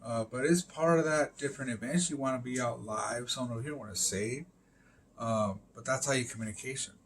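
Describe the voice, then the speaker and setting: A man's voice: medium pitch, fairly quick, a little hiss or hum. A man rambling through a casual monologue on a live stream, full of fillers, swearing and emphatic interjections.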